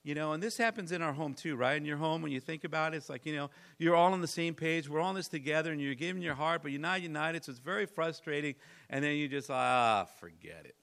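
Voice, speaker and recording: A man's voice: fairly high pitch, fast talker, fairly bright tone. A middle-aged man preaching conversationally to his congregation, rambling and repeating himself, building in intensity. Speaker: pastor. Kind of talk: sermon.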